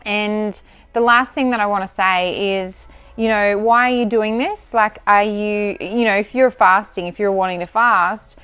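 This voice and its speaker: A woman's voice: medium pitch, fairly even intonation, a little slow, fairly bright tone, clear, resonant tone, no room sound, soft background music. A woman in her thirties vlogging from home, chatting casually to camera, blunt and encouraging and swearing freely.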